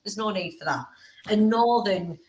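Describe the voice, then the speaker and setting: A woman's voice: medium pitch, a little slow. A woman, hosting a podcast and telling stories bluntly in casual chat, often breaking into laughter. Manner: animated storytelling, blunt and laughing. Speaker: host. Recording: roomy echo.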